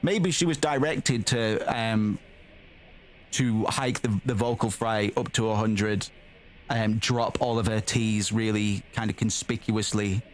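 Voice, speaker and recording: A man's voice: fairly low pitch, takes it slowly. A man streaming a game, reading its text aloud and chatting bluntly, swearing freely and calling the audience "man" and "bro".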